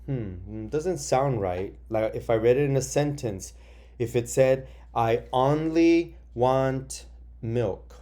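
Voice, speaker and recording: Patient male teacher spelling words slowly. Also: medium pitch, dark tone. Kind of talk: online phonics lesson for young children. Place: office.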